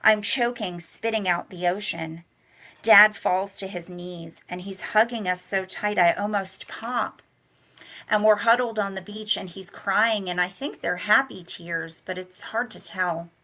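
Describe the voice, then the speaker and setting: Gravelly, bright-toned woman reading aloud. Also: medium pitch, unhurried. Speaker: college director and humanities teacher reading aloud.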